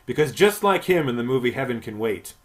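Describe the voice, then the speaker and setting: A man's voice: mid-range voice, very animated, fairly quick. A male podcast host recapping a film in casual chat, crude and rambling, swearing often and laughing.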